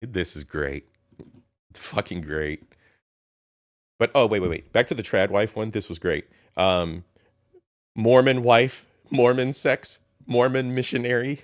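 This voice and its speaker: Slowly and at a medium pitch, a commentary host from Ohio reads through a list in a casual reaction video. He's mocking and profane throughout.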